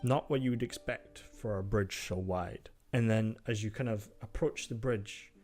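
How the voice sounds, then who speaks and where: A man's voice: fairly low pitch, moderate pace, a little mellow, faint music behind. A man narrating a tabletop game as game master, describing scenes with frequent ums.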